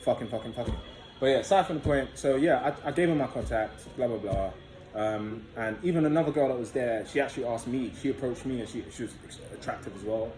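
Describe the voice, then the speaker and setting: A man's voice: medium pitch, fast talker, a little mellow, faint music behind. Laid-back young man, roomy sound. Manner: loose, profane, filler-heavy storytelling. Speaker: vlogger. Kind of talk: casual storytelling to camera. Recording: echoey room with faint background noise.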